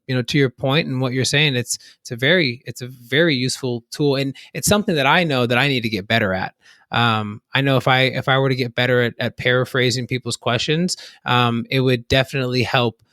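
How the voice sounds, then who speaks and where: A man's voice: mid-range voice, fairly bright tone. A man co-hosting a podcast in a casual, rambling way, often restarting his sentences and laughing lightly. His voice sits in an ordinary middle range. The sound is close and dry, with no room echo. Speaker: podcast co-host.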